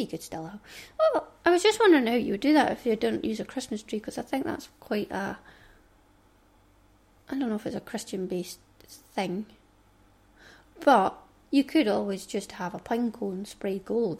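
A middle-aged Scottish-accented podcast host chats casually about knitting in a medium-pitched, husky, slightly mellow voice. She rambles, adding little asides under her breath.

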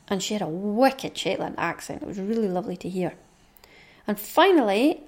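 A woman's voice: medium pitch, darkish tone. Chatty woman podcaster. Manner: chatty, rambling, reads off a long list. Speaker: knitting podcast host. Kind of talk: casual monologue.

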